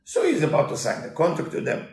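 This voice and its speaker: A man's voice: fairly high pitch, wildly swooping pitch, fast, creaky, darkish tone. A man giving a storytelling Torah lesson in broken English, mixing in Hebrew quotes. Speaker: Torah teacher. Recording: roomy echo.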